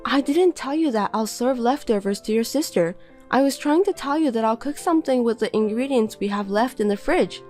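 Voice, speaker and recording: A woman's voice: on the high side, animated, fairly quick, darkish tone, faint music behind, pitched above the performer's own voice, natural voice. Defensive tired housewife, raised voice of a woman reader, pleading. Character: tired, hurt young housewife. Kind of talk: reading a text-message story.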